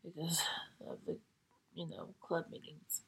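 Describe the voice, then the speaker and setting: A sick young woman hosting her podcast, hoarse and tired, often slipping into a whisper as she talks with halting, frustrated swearing. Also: low-pitched, big pitch swings, fairly bright tone. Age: young adult. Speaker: podcast host. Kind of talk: casual solo podcast chat.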